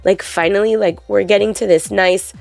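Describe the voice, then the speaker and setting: Woman, podcast co-host, gravelly edge, dry close sound, animated storytelling, casual chat. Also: medium pitch, normal speed, dry recording, soft background music. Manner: animated storyteller, lots of fillers.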